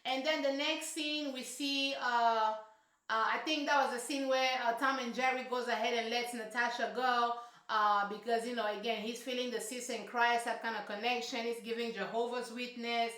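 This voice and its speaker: A woman's voice: a little high, steady tone, normal speed, a bit bright. A woman reviewing a reality show in casual, sassy, emphatic commentary full of slang. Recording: roomy echo.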